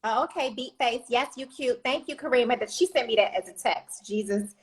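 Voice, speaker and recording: A woman co-host with a high voice who talks bluntly and with heat, calling things out plainly. Her delivery is outspoken and casual. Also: fairly quick, heavy background noise. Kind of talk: casual talk show chat.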